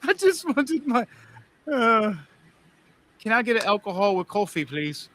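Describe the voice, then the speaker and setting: Dude playing a whiny broke adventurer, high bright begging voice. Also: male voice, big pitch swings, a little slow, a little hiss or hum, full character voice. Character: hapless male adventurer wanting his drink.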